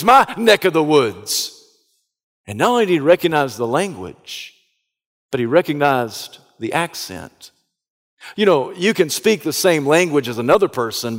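A man with a Southern American accent from the Southeastern United States, preaching a sermon as an animated storyteller who bursts into loud, dramatic passages. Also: medium pitch, a little slow, in a large hall. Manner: animated, dramatic retelling with sudden loud outbursts. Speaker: pastor.

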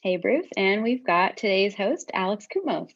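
A woman's voice: mid-range voice, lively intonation, moderate pace, breathy edge, muffled recording. A woman hosting a podcast, introducing the panel and guest in an upbeat, enthusiastic way. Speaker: podcast host. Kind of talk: casual podcast chat.

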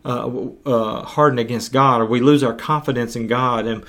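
A man preaching a podcast sermon as pastor, earnest and urging, with his voice going hoarse. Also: mid-range voice, fairly even intonation, fairly bright tone. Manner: earnest, urging, slow deliberate pauses. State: losing his voice.

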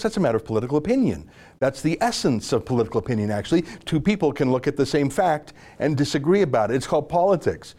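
Man, political commentary host, sarcastic and mocking tone, slightly higher voice. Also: darkish tone.

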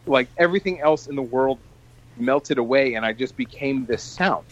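A man co-hosting a podcast, telling a long story in an animated, swearing casual chat. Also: mid-range voice, normal speed, muffled recording. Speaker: podcast co-host.

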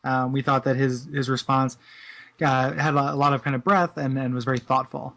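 A man's voice: medium pitch, steady tone, moderate pace, gravelly, fairly bright tone. A man co-hosting a casual podcast, enthusiastic and stumbling over repeated words. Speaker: podcast co-host.

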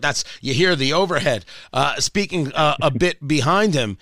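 A man's voice: fairly high pitch, animated, brisk, few pauses, pushed and bright, dry recording. A man hosting a radio talk show, questioning his guest and restating the points he makes. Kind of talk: radio interview.

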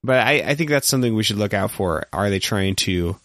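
Musing low-voiced male podcast co-host. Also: lively intonation, a bit bright, no room sound, studio quality. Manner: musing, quick to laugh. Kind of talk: casual chat.

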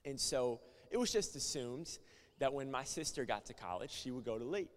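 A young male pastor from Florida preaching at a conference, moving from quiet stories to loud, passionate preaching. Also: medium pitch, lively intonation, a little fast. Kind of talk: conference sermon with storytelling. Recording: long hall reverb.

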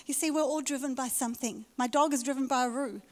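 A woman's voice: high-pitched, quick pace, a little mellow. A woman pastor preaching a sermon in a church, emphatic and repeating her key phrases. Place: church hall. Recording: reverberant church hall.

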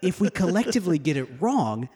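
A man's voice: high voice, sing-song, fairly quick, dark tone, slightly rough, dry recording, studio quality. A man co-hosting a live podcast, rambling casually with many fillers and restarts. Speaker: podcast co-host.

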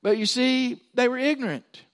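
A man's voice: very high voice, normal speed. A man preaching a sermon, telling stories and acting out the voices of people in them. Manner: animated storytelling, acting out voices.

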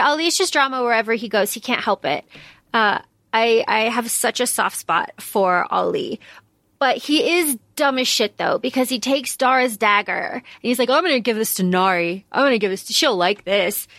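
A woman's voice: on the high side, a bit bright, no room sound. A woman co-hosting a podcast, talking over a book in a loose, chatty way, full of "like" and casual swearing. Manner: chatty, lots of "like", swears freely. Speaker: podcast co-host.

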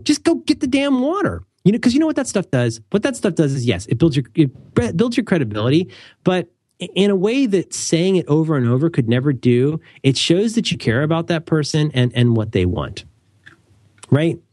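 A young adult man with a fairly high, slightly mellow voice co-hosts a casual talk show, talking a little fast with big pitch swings. He rambles, corrects himself a lot and throws in wry asides. The recording is dry and studio-clean.

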